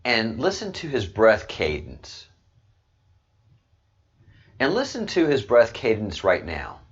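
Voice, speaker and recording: Husky guy rambling on his livestream, voice jumps all over, dull lo-fi mic sound. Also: on the low side, huge pitch swings, slow pace. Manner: rambling, repetitive, jokey asides. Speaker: livestream host. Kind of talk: casual commentary livestream. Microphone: desk microphone.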